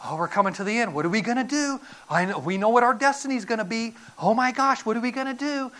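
A woman's voice: a little high, fast talker, a bit bright, lightly acted. A woman voicing a crowd of frantic demons, wailing in panic about their coming end. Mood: panicked.

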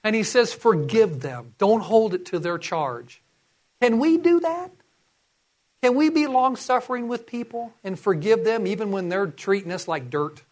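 Guy preaching a sermon, pretty high voice, earnest and pushy, reads verses out. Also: very animated, normal speed, hardly any pauses, a little mellow. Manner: earnest, urging, quotes scripture aloud.

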